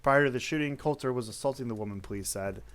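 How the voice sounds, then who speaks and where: A man's voice: mid-range voice, fast, fairly bright tone. Blunt man reading news stories. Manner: blunt, offhand asides with profanity. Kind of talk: casual news read-through with commentary.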